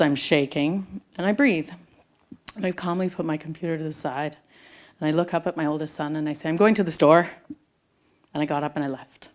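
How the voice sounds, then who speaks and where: Speaking in a deep voice, a middle-aged woman shares a personal story live before an audience on a theater stage. She performs it dramatically, moving between loud outbursts and hushed whispers.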